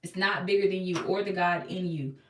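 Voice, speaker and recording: A woman's voice: fairly low pitch, fairly even intonation, fairly quick, recorded from a distance, slight background noise. A young woman preaches a pep talk to her live viewers, emphatic and repetitive. She keeps asking them to say lines back to her. Her voice bounces around an echoey room and sits well back from the mic. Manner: emphatic, repetitive, call-and-response. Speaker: motivational live-streamer.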